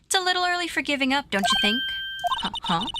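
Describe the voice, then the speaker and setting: A woman voicing a composed woman mentor, reassuring, steady, lively pitch, fan game dub. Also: quick pace, very noisy.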